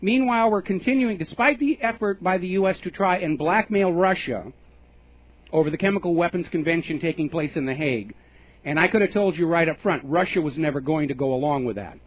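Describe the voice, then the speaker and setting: A man hosting a talk radio show, delivering opinionated political commentary with emphatic, pointed phrasing and scornful asides. His voice sits a little high for a man, and the broadcast sound is dull and lo-fi. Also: animated, brisk.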